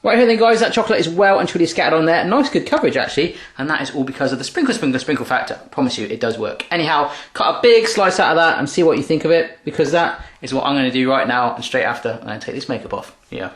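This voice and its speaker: Quick chatty guy cooking at home, bit high voice, echoey kitchen. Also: animated, a bit bright. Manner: cheeky, chatty, playful asides. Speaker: cooking vlogger. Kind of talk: jokey cooking video chat.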